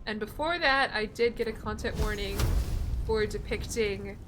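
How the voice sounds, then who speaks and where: A woman's voice: mid-range voice, moderate pace, music in the background. A young woman streaming a game, chatting casually with her viewers and swearing freely. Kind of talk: casual gameplay commentary.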